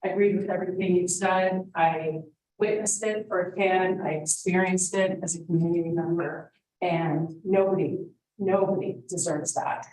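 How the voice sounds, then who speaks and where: A woman's voice: fairly low pitch, steady tone, normal speed, a little mellow. A woman giving a heartfelt, emotional public comment at a town meeting. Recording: echoey room, distant mic.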